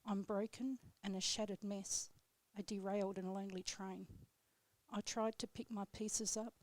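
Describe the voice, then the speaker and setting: A woman on live radio reading her own poem aloud in a steady, measured way, then chatting with the host. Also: medium pitch, no room sound. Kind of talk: poetry reading, then casual chat. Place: radio studio.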